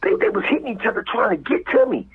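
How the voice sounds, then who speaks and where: A man with a Los Angeles accent telling a street story as a guest, acting out voices and sound effects and dropping to whispers, with a very husky voice. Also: sits high, very animated, fast. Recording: tinny phone-like line.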